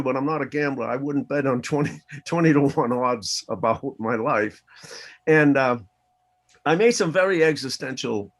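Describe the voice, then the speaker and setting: A man in his sixties from the Boston area, telling a personal story in an interview and acting out the dialogue in voices. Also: mid-range voice. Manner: animated, acts out dialogue in voices. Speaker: interview guest.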